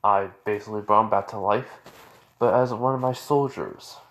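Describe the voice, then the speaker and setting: A man's voice: fairly low pitch, steady tone, moderate pace, fairly bright tone. A man voicing a young male hero who leads a guild, talking in a casual, easygoing way.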